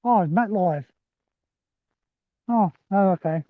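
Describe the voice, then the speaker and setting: A man's voice: sits high, takes it slowly, no room sound. A man walking a rural rail trail outdoors and chatting loosely to livestream viewers from a handheld phone. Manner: chatty, rambling, addresses viewers as guys. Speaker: livestreaming walker. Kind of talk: live walking vlog. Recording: thin phone-like sound, dry.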